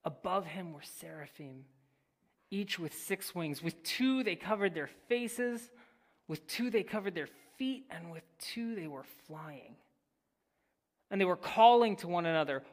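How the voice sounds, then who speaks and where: An unhurried preacher reads a passage aloud and explains it. The delivery swings between ringing declarations and soft, almost whispered lines. Casual asides keep it conversational, all at an ordinary middle pitch. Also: expressive. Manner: dramatic swings from loud to hushed, near-whispered phrases; casual, addresses listeners as "guys". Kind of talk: sermon with Bible reading and teaching.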